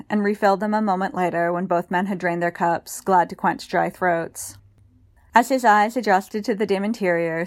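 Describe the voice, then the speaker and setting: A woman narrating a story in a calm, measured audiobook reading. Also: mid-range voice, no room sound, studio quality. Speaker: story reader.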